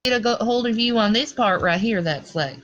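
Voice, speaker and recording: A woman's voice: fairly high pitch, expressive, fairly quick. A woman from the American South with a Minnesota accent, rambling in a live video hangout and breaking off to talk to her children. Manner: scattered, talks to her children mid-stream. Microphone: video call. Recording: dull lo-fi hangout audio.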